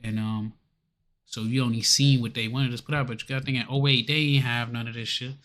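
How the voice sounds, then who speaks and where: A man's voice: mid-range voice, fairly even intonation, fairly quick, fairly bright tone. A man chatting as co-host on a political talk show in a laid-back, slangy, rambling way. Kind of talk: casual chat.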